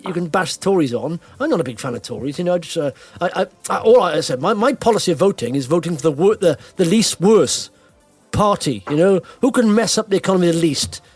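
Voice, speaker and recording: A man's voice: high voice, darkish tone. A man hosting a podcast, chatting casually and jokingly, with frequent restarts. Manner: chatty and jokey, quick restarts. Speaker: podcast host. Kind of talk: casual chat.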